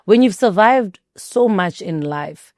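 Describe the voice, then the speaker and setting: A woman's voice: mid-range voice, expressive, slow, a little mellow, no echo, studio quality. A South African woman, a guest and mother, talking in an earnest and reflective way in casual conversation.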